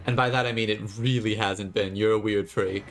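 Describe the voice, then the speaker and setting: A man's voice: on the low side, steady tone, brisk, fairly bright tone, slight background noise. A man streaming a video game and chatting to viewers with sarcastic, jokey asides. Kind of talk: live gameplay commentary.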